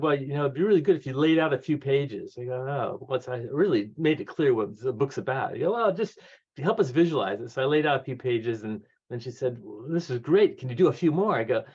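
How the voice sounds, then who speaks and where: Older man telling lively anecdotes, muffled. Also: medium pitch, slightly rough. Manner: lively anecdotes, acts out quoted voices, laughs often. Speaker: guest author. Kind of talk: conversational storytelling. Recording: dull lo-fi audio.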